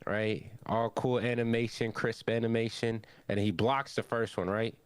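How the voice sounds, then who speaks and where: A young man on a podcast, casually recapping an anime episode and acting out the characters' lines in an animated way. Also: mid-range voice, moderate pace, smooth, no room sound. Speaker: podcast co-host.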